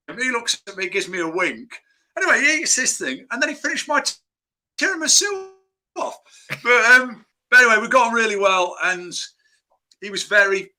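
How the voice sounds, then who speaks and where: Bright-voiced man telling rambling anecdotes. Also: high voice. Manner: rambling anecdotal storyteller with restarts. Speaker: screenwriter guest. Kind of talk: casual interview chat.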